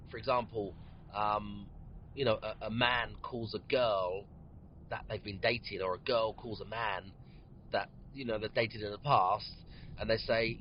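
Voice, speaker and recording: A man with a low voice hosts his podcast from inside a car. He tells a story loosely, full of ums and interrupted by yawns. The sound is dull and lo-fi, with a faint hum of road noise behind him. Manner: rambling, many ums, yawning between phrases. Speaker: podcast host. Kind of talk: casual storytelling monologue. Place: inside a parked or moving car.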